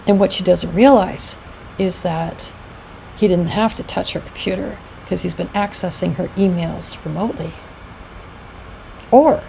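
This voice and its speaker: Mellow-voiced woman giving an educational talk. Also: lowish voice, vocal fry, a little hiss or hum, poor audio. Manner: conversational, with frequent fillers and acted-out quotes. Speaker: founder of a domestic abuse support group, presenter.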